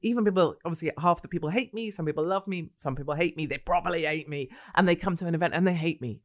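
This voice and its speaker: A woman, a guest in a casual podcast chat, blunt and provocative, repeating points for emphasis. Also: on the low side.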